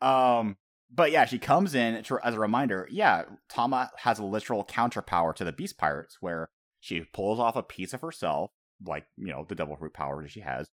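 A man's voice: lowish voice, expressive, brisk, a bit bright. A man hosting a casual podcast chat, profane and laughing often, acting out quotes as he talks. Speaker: podcast host.

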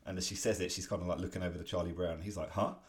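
A man's voice: deep voice, fairly even intonation, racing. A man co-hosting a casual podcast, chatting about comic strips with frequent hesitations and chuckles. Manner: hesitant, many fillers and restarts, chuckling. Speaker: podcast co-host.

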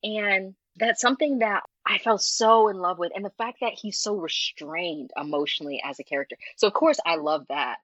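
A woman guest in a casual chat, talking in an animated way with frequent laughs and filler words. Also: mid-range voice, normal speed, hardly any pauses, no room sound. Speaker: interview guest, fanfiction writer. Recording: muffled lo-fi audio.

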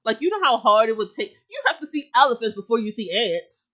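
A woman's voice: on the high side, big pitch swings, a little fast, fairly bright tone, highs cut off. A woman co-hosting a casual podcast chat, talkative and giggly, full of filler words. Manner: chatty, giggly, lots of "like" fillers. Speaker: podcast co-host.

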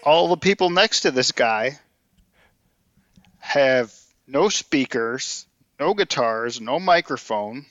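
A man's voice: mid-range voice, lively intonation, takes it slowly, long pauses, a bit bright, dry recording, muffled recording. A man co-hosting a political podcast, pressing his point with analogies and rhetorical questions. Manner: insistent, argues through analogies and rhetorical questions. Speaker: podcast co-host. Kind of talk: political debate chat.

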